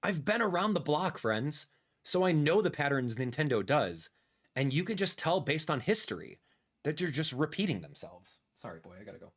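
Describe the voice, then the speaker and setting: A man in his thirties reacting live on a stream, excitable and animated, repeating himself as he talks, sometimes dropping to a soft murmur. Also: fairly high pitch, moderate pace. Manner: drops to a soft murmur when talking to his cat. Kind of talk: livestream reaction commentary.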